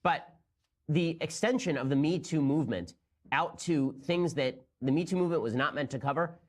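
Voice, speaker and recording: A man's voice: on the high side, moderate pace. A young man hosting a commentary show, talking in a sarcastic, incredulous way as he reacts to clips. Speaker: political commentator host. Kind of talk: rapid-fire sarcastic commentary.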